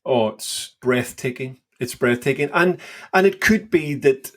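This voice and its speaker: A man with an ordinary mid-pitched voice co-hosts a podcast conversation. He speaks earnestly, warmly enthusiastic about the passage he discusses. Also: measured pace. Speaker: podcast co-host.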